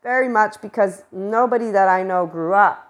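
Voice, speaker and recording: A woman hosting a spiritual talk, speaking in a casual, animated monologue with exclamations and offhand swearing. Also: medium pitch, normal speed. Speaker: spiritual channel host.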